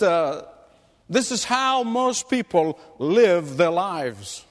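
A man's voice: high voice, big pitch swings, very slow, big-room sound. A male pastor preaching a sermon, telling a story and then building to emphatic, rising appeals.

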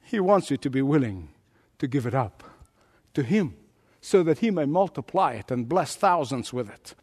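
A male pastor preaching a sermon in a dramatic way, swinging from booming lines to hushed ones. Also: sing-song, normal speed, husky, big-room sound.

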